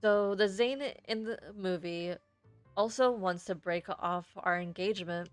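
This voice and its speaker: Slow-talking woman streamer. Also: medium pitch, soft background music. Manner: chatty, self-deprecating asides. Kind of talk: reading a story game aloud with commentary.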